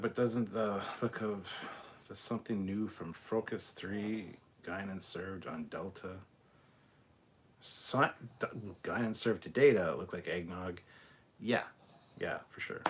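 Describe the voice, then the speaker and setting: A man's voice: deep voice, moderate pace, slightly rough. A man hosting a casual live stream, reading chat aloud and ranting bluntly with plenty of swearing.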